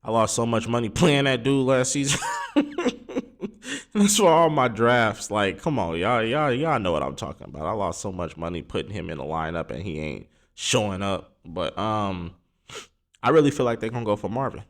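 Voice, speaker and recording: Male sports podcast host, deep voice, loose and rambling, lots of ums. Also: expressive, moderate pace. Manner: rambling, filler-heavy, informal. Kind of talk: casual solo sports talk.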